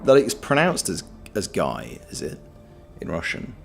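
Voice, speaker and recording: A man giving casual, sweary live commentary on a game, yelling at enemies and chatting with viewers. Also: sits low, huge pitch swings, measured pace, vocal fry. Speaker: game streamer.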